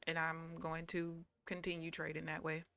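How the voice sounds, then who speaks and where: A woman's voice: sits low, completely flat delivery, moderate pace, a bit bright, soft background music. A woman live streaming her day trading, talking casually to viewers and swearing bluntly in frustration.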